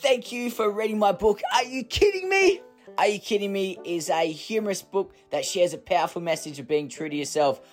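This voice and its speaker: A man's voice: high voice, expressive, fairly quick, soft background music. A man, a children's author giving a cheery, teacherly guest message.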